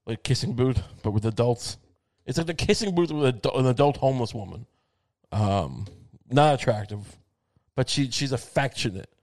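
A man's voice: mid-range voice, darkish tone. Man ranting profanely, full of restarts. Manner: profane, rambling, sardonic rant with many restarts. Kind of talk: comedic monologue.

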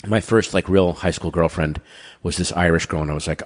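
A man in a casual chat, rambling through stories with quick asides, his throat dry so he keeps clearing it. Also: low-pitched, fairly even intonation. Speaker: podcast guest.

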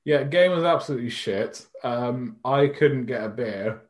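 A man's voice: medium pitch, animated, measured pace. A man co-hosting a podcast in casual chat, rambling and self-mocking, swearing freely. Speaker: podcast co-host.

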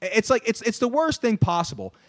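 A young man, co-hosting a podcast and ranting animatedly, swearing and shouting his punchlines. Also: sits high, lively intonation, brisk, no echo, studio quality. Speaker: podcast co-host. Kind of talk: casual ranting chat.

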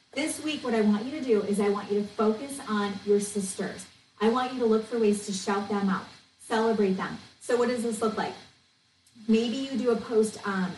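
A woman's voice: medium pitch, darkish tone. A woman hosting a podcast, talking passionately and bluntly, venting and coaching. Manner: passionate, blunt, venting, says "okay?" often. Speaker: podcast host, network marketing coach. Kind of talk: fired-up solo podcast talk. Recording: echoey room, distant mic, faint noise.

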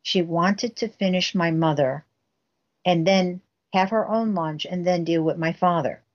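A woman's voice: fairly low pitch, unhurried, highs cut off. A woman guest telling a family story intensely, acting out the quoted dialogue herself. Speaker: guest recounting a family case. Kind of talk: emotional storytelling interview.

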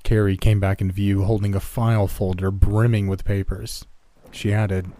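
A man narrating a horror story in a steady, measured reading. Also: on the low side.

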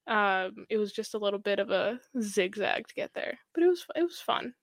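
A woman's voice: medium pitch, lively intonation, brisk, no room sound, clean studio sound. A young woman in her twenties, a hockey goaltender guest, chatting casually with many fillers and laughs. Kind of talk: casual podcast chat.

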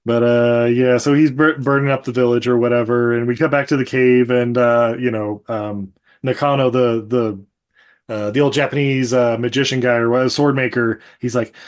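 A man's voice: mid-range voice, fairly even intonation, moderate pace. Laughing, rambling man. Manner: laughs often, rambling retelling with quoted asides. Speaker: podcast host. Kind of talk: casual podcast chat. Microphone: video call microphone.

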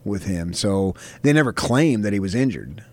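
A man's voice: fairly low pitch, moderate pace, slight background noise. A man co-hosting a sports radio show in a studio, needling and bantering with the host. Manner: playful, needling, animated.

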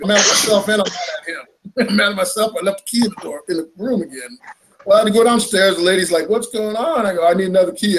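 A man casually telling a fishing tournament story, animated and laughing as he acts out what was said. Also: high-pitched.

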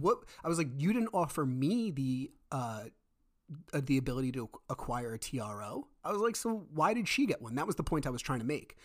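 A man hosting his own podcast, telling a story in a casual way and acting out each line of dialogue as he goes. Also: mid-range voice. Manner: animated, reenacts dialogue with quick asides. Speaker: podcast host.

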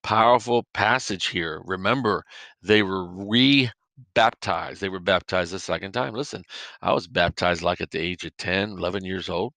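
Fervent preaching man, gravelly and bright. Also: sits low, normal speed, dry recording. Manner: fervent, emphatic preaching with exclamations. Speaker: podcast host and preacher. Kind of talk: podcast sermon teaching.

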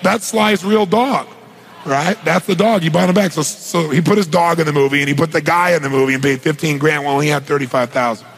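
Middle-aged male motivational speaker, gravelly, slightly high voice, lively retelling with rhetorical questions. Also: brisk, a little hiss or hum, rough recording. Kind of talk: storytelling on stage.

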